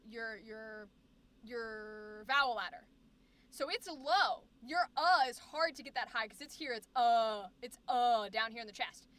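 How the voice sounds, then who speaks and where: A woman chats casually on a livestream and explains how singers handle vowels. She sings short vowel sounds as examples. Her voice is high and bright. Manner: explains singing technique chattily, demonstrating vowel sounds; many fillers and restarts, reads chat aloud. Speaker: streamer.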